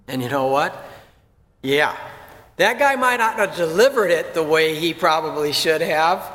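A man's voice: on the high side, animated, unhurried, a bit bright. Male pastor, conversational sermon delivery with folksy asides, reverberant sanctuary. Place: church sanctuary. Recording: long reverb of a church hall.

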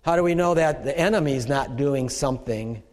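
A man's voice: medium pitch, moderate pace, a little mellow. A middle-aged man preaching a conversational sermon, often acting out the voices he quotes. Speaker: pastor. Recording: echoey hall with long reverb.

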